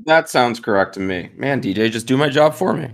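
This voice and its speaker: A man speaking as a guest on a casual podcast, making quick, wry remarks. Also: medium pitch, expressive, creaky.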